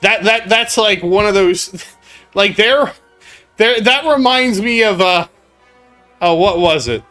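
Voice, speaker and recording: A man with a high, bright voice gives loose, casual commentary over his gameplay. He rambles through stories, stumbling over repeated words and breaking into laughter, while faint game music plays underneath. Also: slow. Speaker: gaming channel host.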